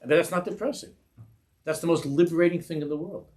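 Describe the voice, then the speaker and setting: Animated rabbi giving a Torah talk. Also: male voice, a little high, fast talker. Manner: animated, acts out dialogue with Yiddish and Hebrew words.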